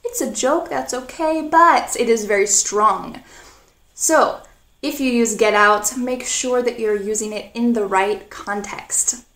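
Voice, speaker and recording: A woman teaching spoken English, speaking slowly and clearly and acting out example phrases with expression. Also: on the high side, animated, echoey room. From North America.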